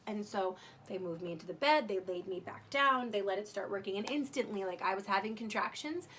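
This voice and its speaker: A woman's voice: mid-range voice, lively intonation, brisk, a bit bright, a little hiss or hum. A young adult woman casually telling the story of giving birth, chatty and candid, full of "like" and the odd swear. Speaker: new mother telling her birth story.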